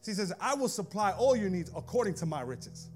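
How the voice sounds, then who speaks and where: High-voiced preacher with faint music behind. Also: male voice, very animated, brisk. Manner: preaching with rising intensity, sing-song shouted cadences; conversational asides to the congregation. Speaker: pastor. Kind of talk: sermon. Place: church.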